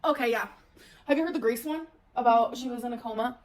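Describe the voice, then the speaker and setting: A woman's voice: a little high, fast talker. A young woman vlogging in a casual late-night chat, tired and loopy, laughing often. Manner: giggly, animated.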